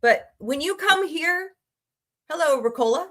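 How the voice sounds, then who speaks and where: Her pitch is high and swings widely, her tone fairly bright, and she talks a little slowly. She's a forties-aged livestream host from Missouri who drifts between topics, calling out viewers by name and responding to chat messages in loose, casual talk.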